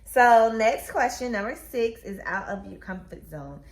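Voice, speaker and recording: A woman's voice: fairly high pitch, expressive, measured pace. A woman co-hosting a book channel, chatting casually with blunt remarks and laughing asides.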